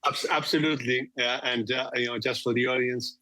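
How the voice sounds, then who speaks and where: A man's voice: mid-range voice, steady tone, brisk, sharp tone, no echo. A man in his forties with an Argentinian accent, a guest talking about his career with many "you know" fillers. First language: Spanish. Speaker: guest executive. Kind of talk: conversational interview.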